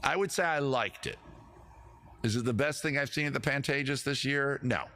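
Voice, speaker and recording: A man's voice: medium pitch, normal speed, bright, forceful tone, slight background noise. A man hosting a casual livestream quiz, rambling with jokey, self-deprecating asides. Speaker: comedy show host running a quiz.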